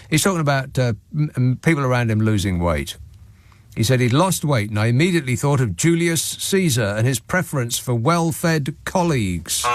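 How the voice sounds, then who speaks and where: A man's voice: mid-range voice, expressive, moderate pace, dry recording. A man hosting a late-night talk radio show from a studio, delivering a sarcastic, mocking monologue and reading out listeners' messages.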